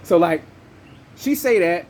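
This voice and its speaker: Man, storytelling host, fired-up and profane, slightly raised pitch, faint background noise. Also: takes it slowly, poor audio. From Southern United States. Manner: animated, profane, jumps into high voices when quoting himself. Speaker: podcast host. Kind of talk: casual storytelling chat.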